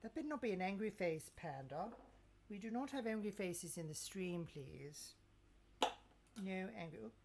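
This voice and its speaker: A woman's voice: mid-range voice, lively intonation, moderate pace, noisy background. A woman chatting casually to her viewers while cooking in her home kitchen, talking to herself and joking with mock threats. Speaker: cooking livestreamer. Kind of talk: casual live-stream chat while cooking.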